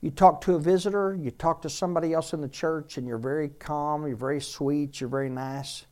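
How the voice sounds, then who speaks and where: A man's voice: fairly high pitch, fairly even intonation, brisk, mellow. A man, a pastor, preaching a sermon in a conversational way and repeating key phrases for emphasis.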